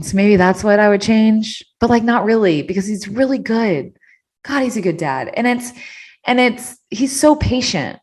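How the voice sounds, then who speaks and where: A woman, chatting candidly as a podcast host, full of fillers and casual swearing. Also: medium pitch. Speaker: podcast host answering listener questions. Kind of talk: casual chat.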